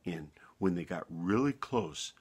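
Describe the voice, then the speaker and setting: Husky low-voiced male storyteller. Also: animated, unhurried, darkish tone. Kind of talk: bedtime story narration.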